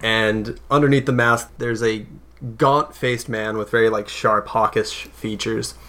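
A man's voice: fairly low pitch, unhurried. Laid-back male game master. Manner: relaxed, hesitant narration with fillers. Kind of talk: narrating a tabletop game.

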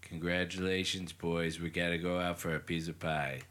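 A man's voice: low-pitched, level tone, moderate pace, a bit bright, voice pushed down. A man putting on an impression of a boastful, muddled older tycoon who repeats himself.

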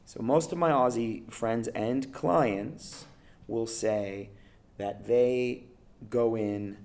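A man, an acting coach giving casual, animated advice in an interview, often checking in with "right?" and "you know". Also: mid-range voice, very slow.

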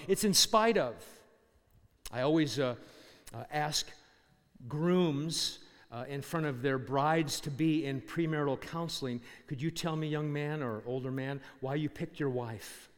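Emphatic male preacher in a reverberant hall. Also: on the high side. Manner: emphatic preaching, rhetorical questions. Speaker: pastor. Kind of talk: sermon.

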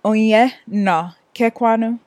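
A woman hosts a language podcast at a slow, easy pace. Her voice is dry and close, with no room around it, and she asks questions as a fellow learner. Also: on the high side, a little mellow, dry recording. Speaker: podcast host. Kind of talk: podcast lesson chat.

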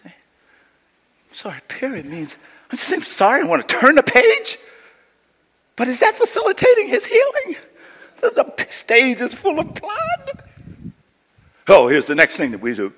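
A man's voice: extremely high pitch, huge pitch swings, unhurried, pauses often, fairly bright tone. A male pastor preaching a sermon with emphatic call-and-response, often repeating words as he restarts. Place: church sanctuary. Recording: long church hall reverb.

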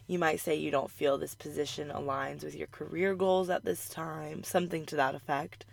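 Raspy young woman with a sore throat. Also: deep voice, fairly even intonation, moderate pace, dry recording. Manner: upbeat, chatty, frequent "like" and "um" fillers. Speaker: weekly vlog host. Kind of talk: casual advice talk.

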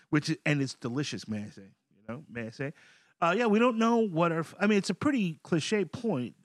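Give me a man doing loose, profane comedy banter with a lively, bouncing pitch. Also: moderate pace, dry recording, clean studio sound. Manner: profane, animated riffing. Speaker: comedian guest. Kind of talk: casual comedy podcast banter.

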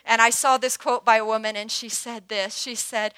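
Woman pastor in her fifties, bright and fairly high, dry close sound; earnest sermon delivery with hushed prayers. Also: level tone, moderate pace, clean tone, no room sound. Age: 50s.

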